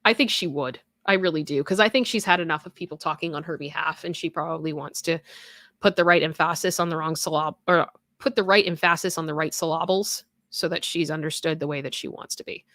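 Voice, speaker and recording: A woman's voice: deep voice, fairly quick, a bit bright, no echo, clean studio sound. A young adult woman hosting a casual live stream, reading viewer comments and chatting in a rambling way with many fillers and restarts.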